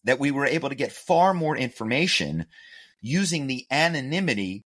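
A man from the Philadelphia area, a guest telling stories in an animated, self-amused way in an interview. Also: mid-range voice, normal speed. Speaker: guest, author and former corporate spy. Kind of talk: conversational interview storytelling.

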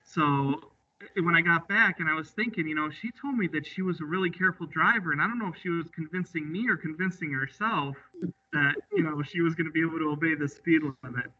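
A man with a very bright, forceful voice, recounting stories from his work as a driving examiner. He tells them in an easygoing way, quoting the people he met. The audio sounds a bit muffled and slightly distant from the mic. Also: fairly high pitch, fairly quick, slight background noise. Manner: easygoing, recounts with quoted dialogue. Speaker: drive examiner. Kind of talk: storytelling in an interview.

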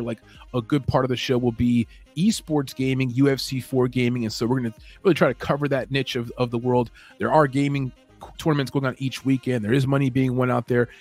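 A man's voice: mid-range voice, a little mellow. Rambling man hosting an MMA show. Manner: loose and rambling, with frequent fillers and self-corrections. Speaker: podcast host. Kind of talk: casual show announcements.

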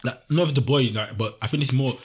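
A man's voice: medium pitch, quick pace. A young man, telling childhood stories in a casual chat and acting out the voices. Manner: animated storytelling, acts out voices, laughs often.

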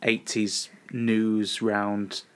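A man's voice: fairly low pitch, little pitch movement, very slow, clean tone. A man, co-hosting a casual chat and telling anecdotes in a laid-back, dryly funny way. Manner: laid-back, dry humour, tells anecdotes. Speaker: podcast co-host.

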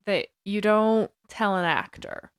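A woman's voice: mid-range voice, clear, resonant tone, dry recording, clean studio sound. A woman co-hosting a podcast, reacting emphatically in casual conversation. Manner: emphatic, reacts with quick agreement. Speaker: podcast co-host. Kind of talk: casual chat.

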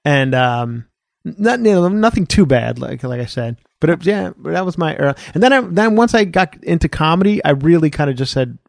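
Male comedian guest, gravelly mid-pitched voice, rambling anecdotal podcast chat, dry studio sound. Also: lively intonation, normal speed, dry recording. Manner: rambling storyteller, full of fillers and restarts.

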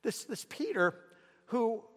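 A man's voice: very high voice, very animated, slow, fairly bright tone, long reverb tail. A man preaching a sermon, telling the story dramatically and asking the listeners rhetorical questions.

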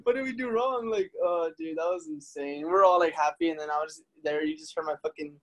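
A man's voice: fairly high pitch, fairly quick. Young man telling loose, sweary stories. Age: young adult. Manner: swears often, animated storytelling with laughs. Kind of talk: casual chat.

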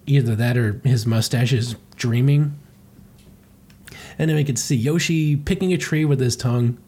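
A man's voice: mid-range voice, moderate pace, warm tone, breathy edge. A man co-hosting a podcast, recapping a comic with wry jokes. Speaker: podcast co-host.

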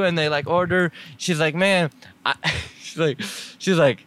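A man's voice: on the high side, a little slow, smooth. Laughing young man spinning a story. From Middle East. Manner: animated, laughing storyteller acting out both sides of conversations. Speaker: podcast host telling a story. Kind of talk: casual storytelling chat.

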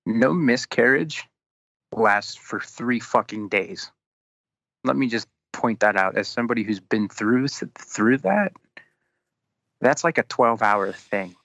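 A man telling a long story in casual chat, animated and swearing constantly as he acts out both sides of an argument. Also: medium pitch, takes it slowly, creaky, no room sound. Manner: animated, heavy swearing, quotes people in exasperated retellings.

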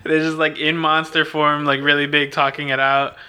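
Bright, smooth-voiced casual man. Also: on the high side, little pitch movement, normal speed. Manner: laid-back, lots of "like", laughs often. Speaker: podcast co-host. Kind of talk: casual chat recapping a film.

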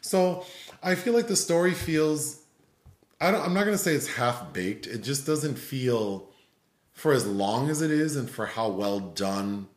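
A man's voice: mid-range voice, measured pace. A man giving a rambling, filler-heavy critique of a film in casual chat. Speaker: film reviewer. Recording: roomy echo.

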